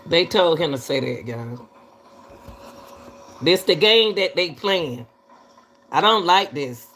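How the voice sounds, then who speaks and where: A woman commentator speaks slowly and deliberately in a lowish voice, addressing her viewers directly. Her delivery is casual and conversational, peppered with folksy asides. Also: animated, a bit bright, a little hiss or hum. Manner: unhurried, talks straight to viewers with folksy asides. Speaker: commentary host.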